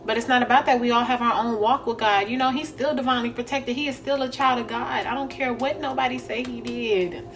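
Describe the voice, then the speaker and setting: A woman's voice: on the high side, fairly even intonation, fairly quick, slight background noise. A young woman, talking bluntly and profanely in a candid vlog monologue, laughing often. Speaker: spiritual vlogger.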